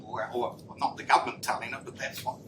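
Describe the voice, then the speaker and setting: A man's voice: medium pitch, flat delivery, quick pace. A man in the audience, asking a long, rambling question at a lecture. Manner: discursive, builds a long question. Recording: distant audience mic with background noise.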